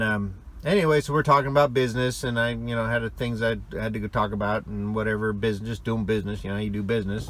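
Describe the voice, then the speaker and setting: A man's voice: fairly low pitch, fairly bright tone. Rambling middle-aged male storyteller. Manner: rambling, digressive, chatty. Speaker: former trucking company owner. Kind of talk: casual storytelling.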